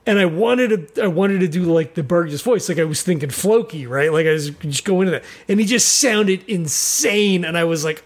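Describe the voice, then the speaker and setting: A man's voice: high-pitched, expressive, fairly quick, hardly any pauses. A man talking casually on a podcast about playing game characters, rambling with fillers and occasional laughs. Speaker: regular podcast player. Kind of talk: casual chat.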